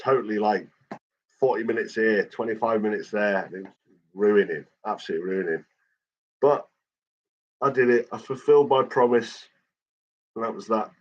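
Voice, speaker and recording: A man's voice: lowish voice, moderate pace, long pauses, lo-fi sound. A man in casual, rambling chat with his viewers, swearing often and filling gaps with "like" and "um". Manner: rambling and sweary, with frequent fillers. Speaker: livestreamer chatting with viewers.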